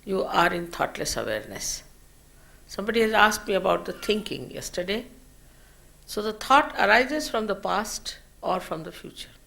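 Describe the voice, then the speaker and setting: A woman teacher giving a slow, measured spiritual lecture at a public program, her phrases trailing off softly. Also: medium pitch, sing-song, gravelly. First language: Marathi.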